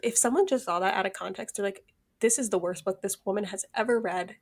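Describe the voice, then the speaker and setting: A woman co-hosting a podcast in casual chat, animated and dramatic, acting out her own reactions. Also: medium pitch, quick pace, slightly rough. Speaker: podcast co-host.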